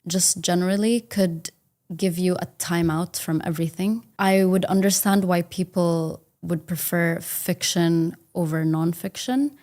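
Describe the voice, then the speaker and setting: Woman, from India, exam candidate, slowish, mellow voice, thoughtful. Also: on the low side, fairly even intonation. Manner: thoughtful, with fillers like um and you know. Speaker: test candidate. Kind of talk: practice speaking-test answers.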